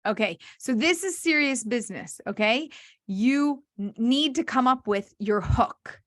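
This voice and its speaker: Animated woman matchmaker, higher voice. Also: measured pace, no room sound, studio quality. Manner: animated storyteller who acts out clients' voices. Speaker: matchmaker and dating coach. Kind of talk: online workshop talk.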